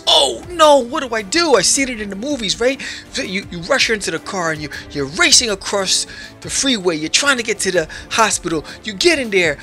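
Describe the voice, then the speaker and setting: A man hosting a podcast, giving an animated motivational talk straight to the listener and acting out little scenes. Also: sits high. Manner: animated, addresses listener directly, acts out scenes. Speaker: podcast host. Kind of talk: motivational monologue.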